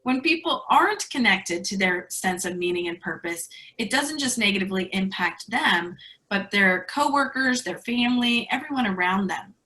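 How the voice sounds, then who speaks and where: A woman's voice: medium pitch, expressive, moderate pace, bright, forceful tone, rough recording. A woman giving an online presentation to educators, telling stories in a chatty way with fillers over a video call. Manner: conversational storytelling with fillers. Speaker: speaker at an educators' webinar.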